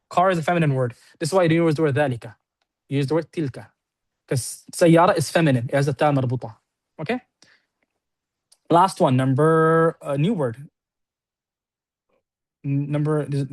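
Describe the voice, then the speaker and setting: A man teaching an Arabic lesson to a class, explaining quickly and often checking in with "right?". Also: on the high side. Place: classroom with students on-site and online.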